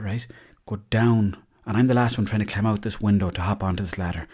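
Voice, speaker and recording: A man's voice: on the low side, steady tone, brisk, a little mellow, slightly rough. An Irish man hosting a podcast, telling comic stories in a chatty way and swearing freely. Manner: chatty, swears freely, tall-tale humour. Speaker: podcast host. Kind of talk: casual comic storytelling.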